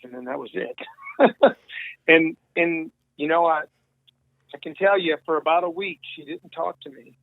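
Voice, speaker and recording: A man's voice: a little high, a little slow, vocal fry, pauses often, dry recording. Chatty man on a tinny phone line. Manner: rambling, many restarts and quoted dialogue. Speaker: guest musician. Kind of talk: casual storytelling interview.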